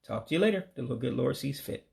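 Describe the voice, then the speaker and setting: A man from the United States teaching household vocabulary in a casual lesson, patiently repeating each word slowly and closing with religious blessings. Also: medium pitch, expressive, creaky, darkish tone. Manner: religious sign-offs. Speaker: language learner teaching vocabulary.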